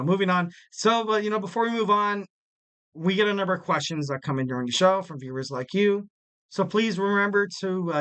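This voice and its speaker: Here a young man from the West Coast of the United States hosts a wrestling podcast on his own, rambling and cracking jokes with plenty of fillers. His voice sits a little high, with a clear, resonant and slightly bright tone.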